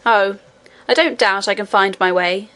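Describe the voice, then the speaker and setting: A woman's voice: mid-range voice, measured pace, fairly bright tone, lightly acted. A woman reading aloud, voicing a boy who speaks bluntly and rudely. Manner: blunt, rude. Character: boy miner, blunt and disbelieving.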